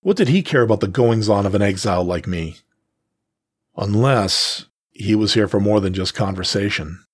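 A man narrating a first-person story in a steady, measured way. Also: on the low side, slightly rough, dry recording, studio quality.

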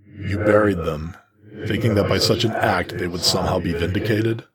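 A man's voice: low voice, moderate pace, a crowd in the background, close to an everyday voice. A man voicing a large, growling male feral beast who questions sternly and menacingly. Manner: stern, probing interrogator.

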